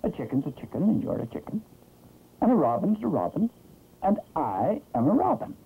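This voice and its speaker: A man's voice: a little high, huge pitch swings, normal speed, creaky, voice pushed up, heavily acted. A man voicing a cocky young male robin in a 1960s cartoon, talking in a chirpy, know-it-all way. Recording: muffled, hissy 1960s film soundtrack.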